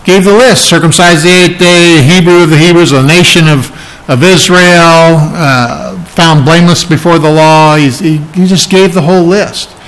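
A man preaching an expository sermon, emphatic and climbing higher in pitch when his delivery gets excited. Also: moderate pace, rough recording. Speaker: pastor.

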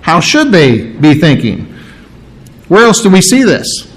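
Higher-voiced man preaching an expository sermon. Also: sing-song, a little slow, low-quality recording. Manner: explains word meanings step by step, restarts and stresses key words.

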